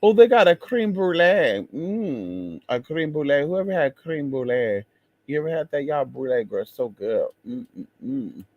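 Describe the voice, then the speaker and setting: Sassy, lively man chatting. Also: on the high side, moderate pace, no echo, highs cut off. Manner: sassy, expressive, exclaims and drawls. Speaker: vlogger. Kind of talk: casual chat to viewers.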